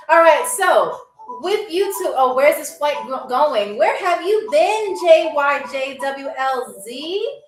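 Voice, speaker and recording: High-voiced woman hosting a live game. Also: lively intonation, takes it slowly. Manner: playful, teasing, talks straight to the chat. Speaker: game show host streaming live. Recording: echoey room with faint music.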